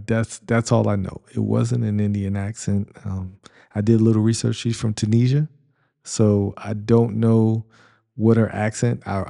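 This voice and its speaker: A man's voice: lowish voice, gravelly, dark tone. A middle-aged man hosting a podcast, casually reviewing a comedy in a rambling way, with many fillers and restarts. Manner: rambling, lots of ums and restarts, chuckling. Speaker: podcast host reviewing movies. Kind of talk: casual movie review monologue.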